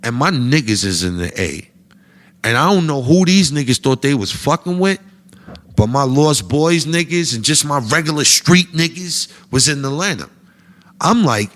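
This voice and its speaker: A man telling a comic anecdote in a casual, profane, slangy way, getting animated as he goes. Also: mid-range voice, normal speed. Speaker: storyteller guest.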